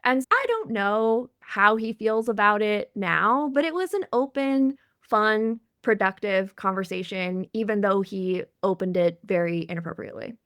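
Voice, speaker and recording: A woman podcast host and relationship coach in casual chat, telling a story in a lively way, often speeding up and laughing easily. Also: mid-range voice, measured pace, few pauses, no echo, studio quality.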